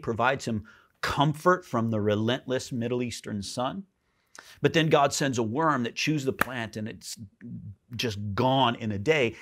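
A pastor preaching a sermon in a church, animated, jumping up high for emphasis and dropping soft. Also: male voice.

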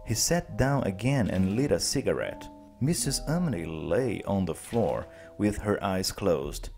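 A man teacher narrating a classic story slowly and clearly for language learners. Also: sits low, faint music behind. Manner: slow, clear, expressive.

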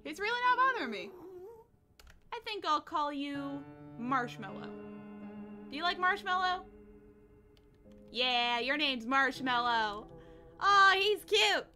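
A high-voiced woman gives let's-play commentary over background music. Her pitch leaps all over the place as she coos at creatures and yelps at sudden danger. It is an animated, conversational gaming delivery. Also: slow pace, long pauses. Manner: chatty, talks to game creatures, bursts into excited shrieks. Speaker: gaming channel host.

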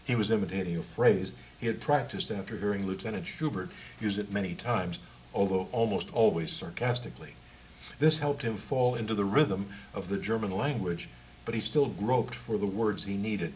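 A man, the author, reading aloud from his book in a measured, steady way. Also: lowish voice, a little hiss or hum, poor audio.

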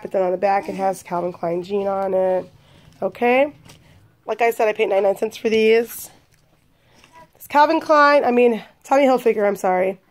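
A young woman chatting excitedly to her viewers about cheap finds in a casual shopping haul video. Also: mid-range voice. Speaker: vlogger.

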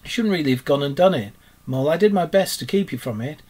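A man voicing a brave, good-natured male water rat in a storybook read-aloud, with a brisk, reassuring manner. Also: fairly high pitch, expressive, darkish tone, slightly rough. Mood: soothing.

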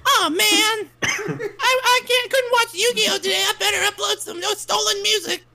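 A man putting on a squeaky, very high cartoon mouse voice as a joke impression. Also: steady tone, moderate pace, a loud crowd. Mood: squeaky goofy.

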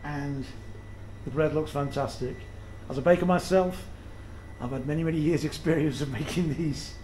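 A man's voice: a little high, normal speed, darkish tone, a little hiss or hum, low-quality recording. A middle-aged man narrating a walking tour vlog, chatty and full of admiration, filmed on an action camera outdoors and in a small shop. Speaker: vlogger touring villages. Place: outdoors in a village, then inside a small shop. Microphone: action camera mic.

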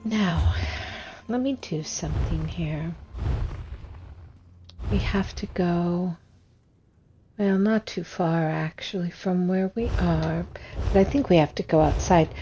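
A woman streaming a video game, giving casual, unhurried commentary and thinking aloud. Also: fairly low pitch, over music.

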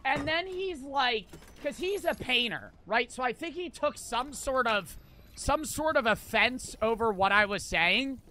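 A man's voice: very high-pitched, lively intonation, measured pace, bright, forceful tone, a little hiss or hum. A man in his twenties streaming a game, telling a rambling story between profane trash talk. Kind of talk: casual storytelling while gaming.

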